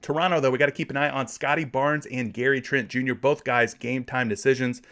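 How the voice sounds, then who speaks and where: A man's voice: mid-range voice, steady tone, a little fast, a bit bright. Chatty man reading chat. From Florida, USA. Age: 30s. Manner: reads viewer comments aloud, friendly and chatty. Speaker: sports betting livestream host. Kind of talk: casual livestream chat.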